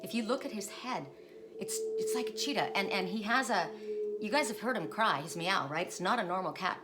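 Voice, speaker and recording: A woman's voice: medium pitch, animated, a little fast, over loud music. A woman in a casual, rambling chat as she reads oracle cards, restarting her sentences often. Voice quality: rambling, chatty, with frequent restarts. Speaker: oracle card reader. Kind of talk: casual spiritual card reading. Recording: noisy home recording.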